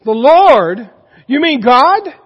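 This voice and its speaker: A preacher voicing a panicked man hanging from a branch on a cliff, shouting and pleading for help. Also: very high-pitched, very animated, slow, slightly rough, big-room sound, lo-fi sound, heavily acted. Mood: desperate.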